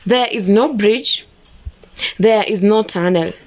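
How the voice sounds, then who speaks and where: A woman narrating a scripted explainer in a measured, matter-of-fact way. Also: medium pitch, a little mellow, rough recording.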